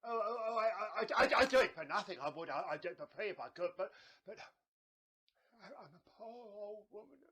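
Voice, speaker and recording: A garrulous old woman fortune teller, played by a man, talks in a high, sharp voice. She stammers, repeats herself and spins grand tales with theatrical flourish. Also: expressive, normal speed, breathy edge, full character voice. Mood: gossipy. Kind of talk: comedy sketch acting.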